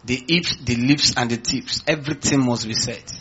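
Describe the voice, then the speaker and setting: A male pastor delivers a sermon in a slightly husky voice, often calling out to his congregation. His voice sits at an ordinary middle pitch, and the recording sounds dull and lo-fi. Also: normal speed, bright, forceful tone. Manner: preaching with call-outs to the congregation.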